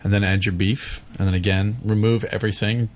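A man's voice: on the low side, level tone, a little fast, darkish tone. A man co-hosting a radio show, explaining cooking tips in an easygoing, practical way. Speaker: radio co-host. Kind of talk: casual radio chat.

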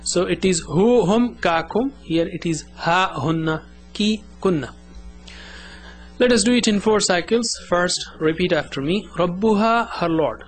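A man teaching an Arabic lesson, drilling words slowly for listeners to repeat. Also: sits high, faint music behind. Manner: slow, drilling call-and-repeat. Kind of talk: classroom language lesson.

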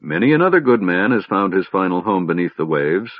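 A man's voice: sits low, big pitch swings, brisk, no echo. A man voicing a weary, grieving middle-aged ship captain who speaks bitterly. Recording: dull, lo-fi, dry sound.

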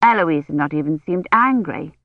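Audiobook narrator, even storytelling, dry, slightly muffled recording. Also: mid-range voice, normal speed, no room sound. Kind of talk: scripted narration.

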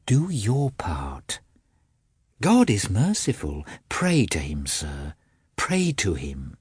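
A man voicing a stern, devout elderly woman, a children's nurse who earnestly pleads with her master, in a husky voice. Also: fairly low pitch, wildly swooping pitch, slow pace, a little mellow, no echo, clean studio sound, exaggerated voice. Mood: pleading. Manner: earnest, imploring.

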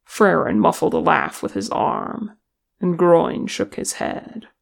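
A reader narrating a fan fiction story at an unhurried pace. The voice is heavily gravelly and creaky throughout. The storytelling stays even and steady. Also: medium pitch. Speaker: audiobook reader.

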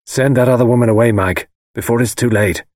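A man's voice: mid-range voice, fairly quick, a little mellow, no echo, clean studio sound, lightly acted. A man voicing an intense, brooding architect. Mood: urgent. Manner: pressing, insistent warnings. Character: intense, brooding male architect, urgent and cryptic.

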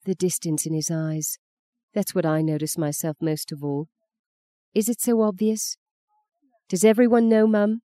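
Guarded young mother voiced by a woman reader, defensive and tense; low, mellow voice. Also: a little slow, long pauses, no echo, clean studio sound, lightly acted. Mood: relieved. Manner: defensive, strained.

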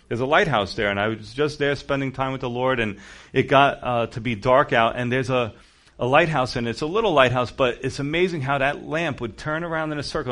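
A man's voice: medium pitch, fairly bright tone. A man preaching a sermon in a conversational way, acting out quoted voices as he goes. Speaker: pastor.

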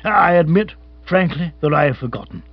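A man's voice: fairly high pitch, animated, normal speed, vocal fry, dry recording, highs cut off. A man voicing a blustering older male colonial big-game hunter, boisterous and exclamatory, in a storybook reading. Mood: rambling.

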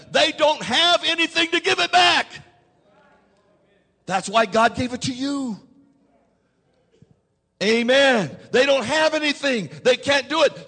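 A man delivers a sermon with a very high, bright voice that echoes through a large hall's long reverb. As a pastor, he drives home key lines by repetition, calls for answers from the congregation, and rises to shouts.

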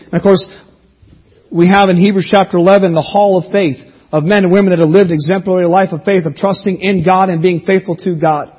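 Husky-voiced man preaching a sermon. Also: sits high, fairly even intonation, brisk, darkish tone, dull audio. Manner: earnest teaching, reads scripture aloud, restarts phrases. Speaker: pastor. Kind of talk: expository sermon.

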